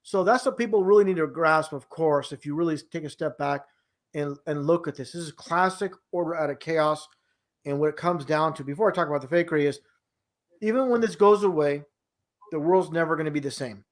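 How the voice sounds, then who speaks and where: This guest's voice is on the high side and fairly quick. Chatting casually, he rambles on at length with many restarts and a tone of disbelief.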